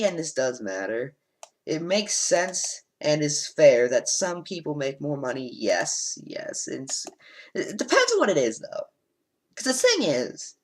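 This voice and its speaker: A man's voice: fairly high pitch, a bit bright, low-quality recording. A man and let's play host, reading quiz statements aloud and answering them bluntly, with frequent ums, on a home desk microphone.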